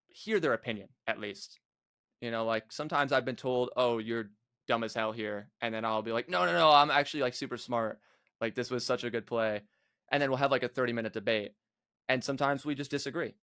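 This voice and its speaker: A man's voice: mid-range voice, fairly bright tone, dry recording. Blunt young man, dry close sound. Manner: blunt, many "like" fillers. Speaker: guest, competitive gamer. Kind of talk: casual podcast chat.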